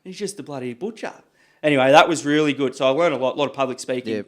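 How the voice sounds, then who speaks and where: An Australian man telling stories in a casual podcast chat, animated and swearing freely. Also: mid-range voice, quick pace. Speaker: podcast guest, butcher. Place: podcast studio.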